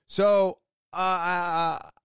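A man's voice: sits high, little pitch movement, extremely slow, fairly bright tone, clean tone, no room sound, studio quality. A man telling a rambling, exasperated story about a bad day at his shop, owning up to his own mistakes. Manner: exasperated, rambling, self-deprecating. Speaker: shop worker. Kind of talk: casual storytelling vlog.

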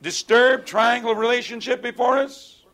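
A man's voice: very high-pitched, flat delivery, moderate pace, a bit bright. A man teaching a Bible study in an earnest lecturing way, often asking rhetorical tag questions of his listeners.

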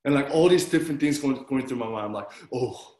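A man preaching a sermon as pastor, telling stories with animated delivery and acting out his own reactions. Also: mid-range voice, quick pace. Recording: roomy echo.

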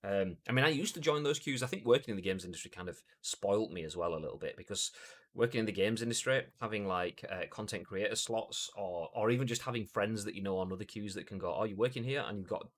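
A man's voice: lowish voice, fast. A young English man hosting a gaming news stream in a casual, jokey chat. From England. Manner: animated, jokey, puts on silly voices. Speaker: gaming news show host.

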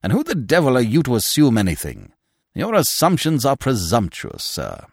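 A man's voice: medium pitch, wildly swooping pitch, a little slow, dry recording, studio quality, pitched above the performer's own voice. A man voicing a pompous, portly male troupe leader who blusters and takes offence. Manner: blustering, indignant. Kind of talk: audiobook character voice.

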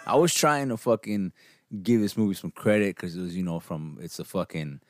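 Low-voiced, heavily swearing American man. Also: lively intonation, brisk, dry recording, studio quality. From United States. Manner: heavy swearing, blunt, laughs often. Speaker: podcast co-host. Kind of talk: casual film review chat.

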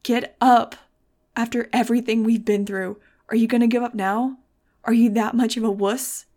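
A woman voicing a fierce, desperate teenage girl in an audiobook, yelling frantically. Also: a little high, steady tone, normal speed, voice pushed up. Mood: frantic yelling. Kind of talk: audiobook character voice.

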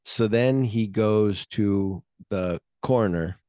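Man, lowish voice, mellow tone, dry close sound, casual podcast co-host, animated scene retelling, hums music bits. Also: takes it slowly, clear, resonant tone, no room sound. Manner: swears casually. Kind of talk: casual film discussion.

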